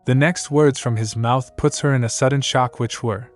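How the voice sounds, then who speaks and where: A man narrating a story recap in a plain, steady reading. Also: medium pitch, normal speed, few pauses. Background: faint music.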